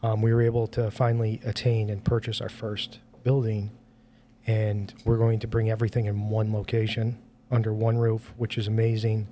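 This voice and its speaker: Middle-aged firefighter guy chatting on a podcast, warm mellow voice, rambly, pokes fun at himself. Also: on the low side, monotone, moderate pace, slight background noise. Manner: rambling, self-deprecating, many fillers. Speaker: nonprofit founder, firefighter. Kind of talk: casual podcast conversation.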